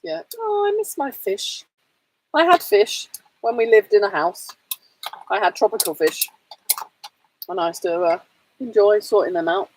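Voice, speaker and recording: A woman's voice: medium pitch, lively intonation, unhurried, pauses often, darkish tone, slight background noise. A woman co-hosting a casual livestream chat from a narrowboat, giggly and chatty. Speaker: livestream co-host. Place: narrowboat cabin.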